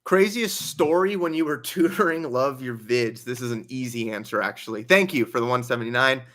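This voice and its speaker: A man's voice: mid-range voice, brisk, fairly bright tone. A young man hosting a casual livestream Q&A, reading donations aloud and chatting with a laugh in his stories. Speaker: livestream host.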